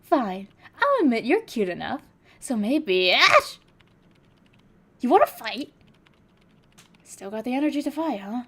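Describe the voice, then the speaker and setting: Brash male viking sailor, voiced by a woman: teasing, blunt, fairly high and lively. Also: unhurried, long pauses, breathy edge, exaggerated voice. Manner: mocking, blunt, calls others kid.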